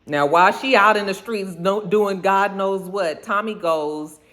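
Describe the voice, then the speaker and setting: A woman giving a casual, animated recap of a TV episode in slangy talk. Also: mid-range voice, unhurried. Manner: animated, slangy, acts out the characters' lines. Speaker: TV episode reviewer.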